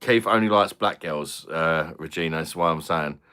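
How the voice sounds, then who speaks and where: A man's voice: extremely low pitch, moderate pace, pushed and bright, smooth. A man hosting a live stream, chatting casually with viewers and trading crude jokes with a lot of laughter. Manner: crude joking banter, laughs often.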